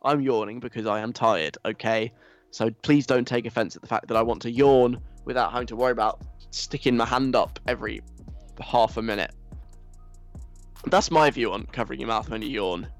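A young man hosts a casual chat show, reading out messages from listeners and replying with playful, mock-stern teasing. His voice sits at an ordinary pitch for a man, with faint music playing quietly behind him. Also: normal speed. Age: young adult.

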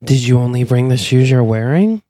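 A man's voice: mid-range voice, animated, normal speed, dark tone, no room sound, close to an everyday voice. A man improvising a pushy, passive-aggressive middle-aged mother who lectures her daughter. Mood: nagging. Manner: preachy, guilt-tripping.

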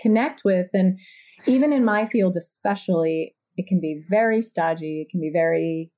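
A woman's voice: lowish voice, moderate pace, dark tone. A woman with a New Jersey accent hosting a podcast, chatty and self-deprecating, laughing often as she talks. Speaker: podcast host. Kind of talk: casual conversational interview.

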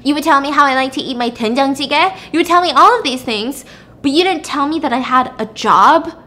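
A young wife who has lost her memory, hurt and confronting her husband, as a woman acts her out in a recap. Her voice sits high and pushes loud as she accuses. She sounds like an ordinary woman, not a showy character voice. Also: a little fast, lightly acted. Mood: upset accusing.

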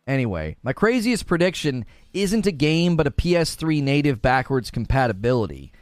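Animated man hosting a livestream. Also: medium pitch, moderate pace, dry recording, faint music behind. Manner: animated, laughs often, reads chat aloud. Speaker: livestream host. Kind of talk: casual livestream chat.

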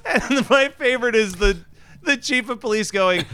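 A man's voice: extremely high pitch, normal speed, pushed and bright, smooth, no echo. A man co-hosting a casual movie podcast, laughing often and acting out lines in mock-dramatic voices. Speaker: podcast co-host. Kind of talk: casual movie review chat.

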